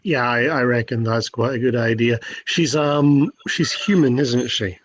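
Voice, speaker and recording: A man playing a tabletop game who jokes around and thinks out loud as he goes. He has an average-pitched voice, and the recording is dull and lo-fi with a dry sound. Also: unhurried, dry recording. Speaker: player. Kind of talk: casual tabletop game talk.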